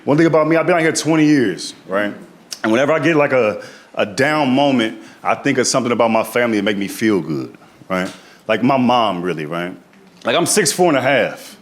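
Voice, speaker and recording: A man's voice: medium pitch, lively intonation, fairly quick. A man doing stand-up, loose and slangy, chatting with the crowd. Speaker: stand-up comedian. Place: comedy club stage. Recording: live club with loud crowd noise.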